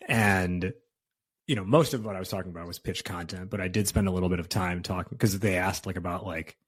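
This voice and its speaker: A man's voice: low voice, steady tone, brisk, breathy edge. A man hosting a podcast, talking in a casual, conversational way. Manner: casual, conversational, uses fillers like "like". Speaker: podcast host. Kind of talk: podcast interview.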